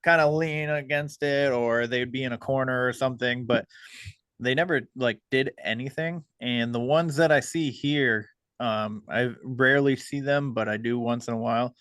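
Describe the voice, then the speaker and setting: A man hosting a podcast, talking casually and hesitantly with many pauses. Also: medium pitch, steady tone, fairly bright tone, smooth, no room sound. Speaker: podcast host.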